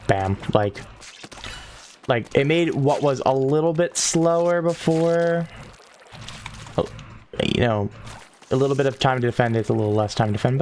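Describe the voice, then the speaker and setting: Animated swearing male streamer. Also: medium pitch, a little hiss or hum. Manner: animated, swearing, thinks aloud. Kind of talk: casual gaming stream chat.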